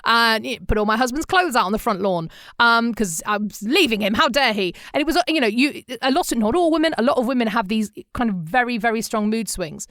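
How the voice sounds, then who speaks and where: A woman's voice: fairly high pitch, lively intonation, fairly quick, few pauses, a bit bright, dry recording, studio quality. A middle-aged woman co-hosting a podcast in casual chat, telling stories with animation and acting out the voices of people she quotes. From England. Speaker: podcast co-host.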